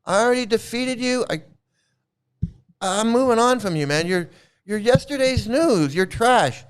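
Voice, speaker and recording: A man delivering angry vlog commentary in a fairly high voice, heated and full of profanity. His tone is smooth and clear, and he keeps circling back to the same insults. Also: animated, a little slow. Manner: heated, profane, repetitive ranting. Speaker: channel host.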